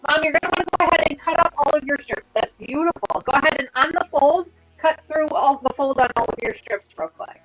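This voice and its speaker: A woman's voice: sits high, fast talker, few pauses, a bit bright, poor audio. A woman in her thirties hosting a casual sewing livestream from home, chatty and upbeat as she explains her work. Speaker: livestream host.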